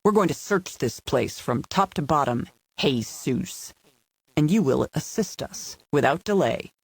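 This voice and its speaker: A man's voice: fairly high pitch, expressive, unhurried, creaky, slightly rough, no room sound, heavily acted. A man voicing a domineering male federal agent who talks in a threatening, mocking way. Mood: menacing.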